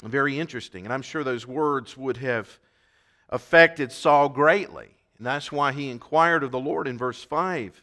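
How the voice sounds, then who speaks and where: Emphatic bright-voiced male preacher. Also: mid-range voice, unhurried. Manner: emphatic, swells loud on key points, repeats words. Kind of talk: sermon.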